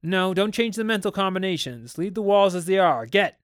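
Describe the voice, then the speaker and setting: A man voicing an anxious, stern father in a dramatic audiobook reading, his exasperation rising into sharp outbursts. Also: a little high, lively intonation, moderate pace, dry recording, clean studio sound, natural voice. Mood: urgent.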